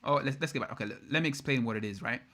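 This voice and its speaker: Excitable English man hosting a livestream. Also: medium pitch, rapid-fire. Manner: excitable, rambling, slangy. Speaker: livestream host. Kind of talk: casual livestream chat.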